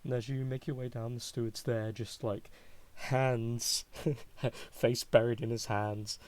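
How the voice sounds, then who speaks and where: A man narrating as game master of a tabletop game, halting and full of fillers. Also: mid-range voice, level tone, darkish tone, no room sound.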